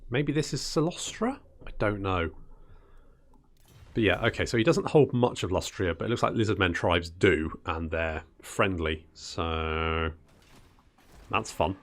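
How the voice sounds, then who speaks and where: Low-pitched and measured, this man hosts a gaming channel's casual strategy let's-play. As he plays, he chats, mutters to himself, and refers to his units as "buddy."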